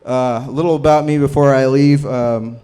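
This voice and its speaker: A man on a comedy club stage firing off awkward, crude one-liners. His voice is an ordinary middle pitch, with nothing unusual in its tone. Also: fairly even intonation, normal speed, dark tone, clean tone. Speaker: stand-up comedian. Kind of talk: stand-up set.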